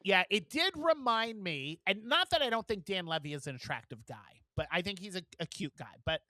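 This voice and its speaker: A man's voice: high voice, big pitch swings, brisk, sharp tone, dry recording. A man co-hosting a casual podcast, chatting loosely and swearing freely as he recaps a show. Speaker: podcast co-host. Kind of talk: casual chat.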